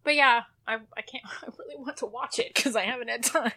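A woman's voice: on the high side, a little fast, sharp tone. A woman reporter chatting casually on a podcast, telling anecdotes and acting out the back-and-forth of conversations. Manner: chatty storyteller, acts out quoted exchanges. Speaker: entertainment press reporter.

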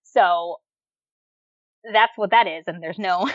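A woman co-hosting a podcast in casual chat, animated, with lots of fillers and frequent laughter. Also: mid-range voice, very slow, dry recording, dull audio. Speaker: podcast co-host reviewing dramas.

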